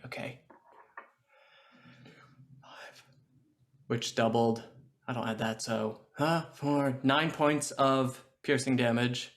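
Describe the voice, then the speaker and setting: Guy at a dnd table, jokes around, counts dice out loud. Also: mid-range voice, fairly even intonation, slow, pauses often, a little hiss or hum. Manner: joking, counts aloud. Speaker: player. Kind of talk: casual tabletop play.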